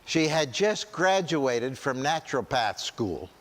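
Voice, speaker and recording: A man's voice: medium pitch, sing-song, slow pace, fairly bright tone. A man giving a conversational church seminar talk at a camp meeting, often checking in with "right?" and restarting his sentences. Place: large meeting hall. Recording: long hall reverb.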